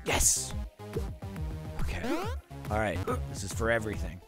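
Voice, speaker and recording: A man playing a video game with a friend, shouting and swearing in exasperation. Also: fairly low pitch, fairly even intonation, measured pace, over music. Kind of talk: loud gaming banter.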